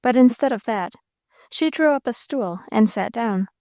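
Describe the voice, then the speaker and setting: A woman narrating a classic novel as an audiobook, in a steady, measured way. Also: fairly high pitch, no room sound, studio quality.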